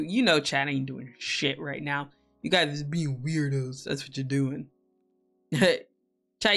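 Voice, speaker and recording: A woman's voice: sits low, takes it slowly, fairly bright tone, soft background music. A young woman hosting a co-working stream, chatting casually with viewers in a rambling way, full of fillers, swearing and laughter.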